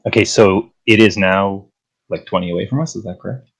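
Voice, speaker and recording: Husky low-voiced man playing a tabletop game. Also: fairly quick. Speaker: player.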